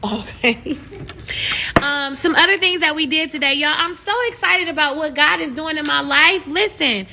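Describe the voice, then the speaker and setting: Woman, high bright voice, casual live-stream talk, animated and preachy, rises to excited shouts. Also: moderate pace, a little hiss or hum. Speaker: live streamer encouraging viewers.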